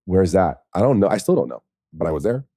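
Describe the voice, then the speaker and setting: Man, very low voice, mellow tone, dry close sound, candid profane storytelling, tearful. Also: sing-song, fast talker, no echo. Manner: candid and profane, with laughs and soft, choked passages. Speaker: podcast guest, former pro football player. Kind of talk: emotional personal storytelling.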